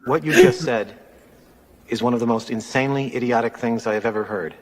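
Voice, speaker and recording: A man's voice: medium pitch, brisk, long reverb tail, close to an everyday voice. An actor playing a stern male official who coldly and formally tears apart someone's answer, heard in a played film clip. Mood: scornful. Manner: cold, cutting, formal. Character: stern male official delivering a scathing verdict.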